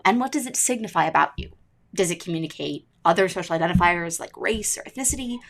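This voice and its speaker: A woman hosting a podcast, reading her narration in a playful, self-mocking way and talking quickly. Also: medium pitch, creaky, a bit bright. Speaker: podcast host.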